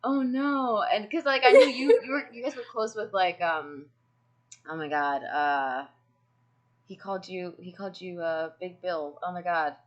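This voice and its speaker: Woman streamer chatting on a video call from home, laughy and lively, swears a bit. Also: fairly low pitch, normal speed, muffled recording. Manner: animated storytelling with laughs and swearing. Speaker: streamer host. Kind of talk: casual video call chat. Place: home room with cats. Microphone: home streaming mic on a video call.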